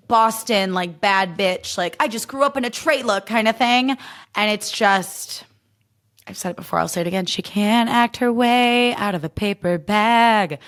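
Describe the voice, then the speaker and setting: A woman's voice: medium pitch, fairly bright tone. Chatty woman in her thirties. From Illinois, USA. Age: 30s. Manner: chatty, emphatic, lots of fillers and profanity. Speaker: podcast host. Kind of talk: casual solo podcast chat.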